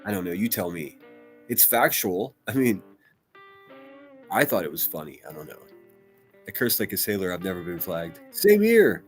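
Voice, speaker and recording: A rather low-voiced man talks casually on his live stream, reading chat aloud and riffing between comments. He swears freely and doubles back on his words as he tells stories. Soft guitar music plays faintly underneath. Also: moderate pace, pauses often. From United States. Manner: loose and profane, rambling with restarts. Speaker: livestream host.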